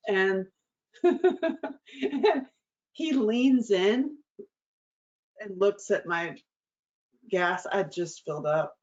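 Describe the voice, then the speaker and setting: A woman's voice: mid-range voice, animated, slow, pauses often. A middle-aged woman hosts her own show and tells a story in a loose, candid monologue. She swears freely, laughs often and acts out what people said. The recording sounds a bit dull and lo-fi. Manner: frank and profane, laughing often, acting out quotes. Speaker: show host.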